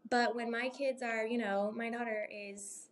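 Thirties mom chatting, kinda high voice, rambly, says like a lot. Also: female voice, steady tone, measured pace. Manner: rambling, lots of "like" and "right?". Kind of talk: casual chat.

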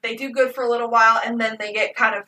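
Animated, bright woman recapping a film. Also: fairly high pitch, fast talker, recorded from a distance, rough recording. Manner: animated, emotional, swears freely. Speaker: podcast co-host. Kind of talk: casual movie recap chat.

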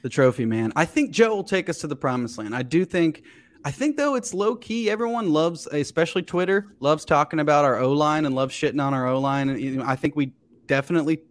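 A man chatting casually on a podcast, an animated storyteller who swears freely. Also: on the high side, fairly quick. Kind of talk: casual chat.

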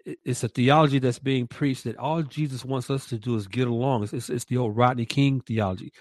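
A man's voice: medium pitch, steady tone, fairly quick, no echo. A man co-hosting a Christian commentary podcast, emphatic and stressing points by repeating words. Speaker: podcast co-host.

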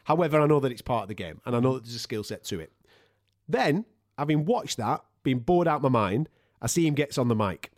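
Animated ranting man. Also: mid-range voice, brisk, no echo, studio quality. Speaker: podcast co-host. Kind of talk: casual sports chat.

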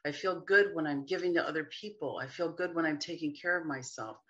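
A woman talking as a guest healer in a casual interview, chatty and animated, often acting out little quoted voices. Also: sits low, brisk, muffled recording.

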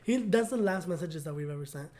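A man's voice: fairly high pitch, expressive, fast talker, crowd noise. A young man co-hosting a podcast, telling a personal story in casual chat, earnest and gushing with lots of "like" fillers. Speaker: podcast co-host.

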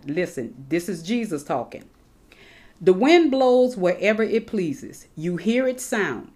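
A middle-aged woman preaching a sermon, reading scripture slowly and with emphasis as she explains it to her congregation. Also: medium pitch.

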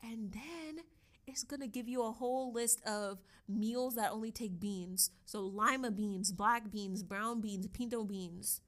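Young woman gushing on her podcast, kinda high voice, laughs a lot. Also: unhurried. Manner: excitable, gushing, laughs often. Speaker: podcast host. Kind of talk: casual solo podcast chat.

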